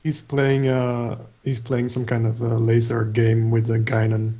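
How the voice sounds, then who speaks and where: A man co-hosting a podcast, speaking in a dry, low-key way with short replies. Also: completely flat delivery, unhurried, warm tone, dull audio. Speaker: podcast co-host. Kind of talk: casual podcast chat.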